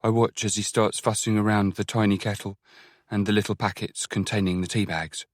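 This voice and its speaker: Male audiobook narrator, reflective and gently wry, dry close-miked voice. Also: on the low side, little pitch movement, a little fast, no echo. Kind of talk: first-person audiobook narration.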